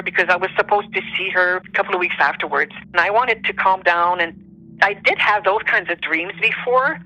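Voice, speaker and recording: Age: unknown. Sex: woman. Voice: bright, earnest storyteller. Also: mid-range voice, low-quality recording. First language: French. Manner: earnest, heartfelt, plainly emotional. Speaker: guest telling a true story. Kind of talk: personal storytelling.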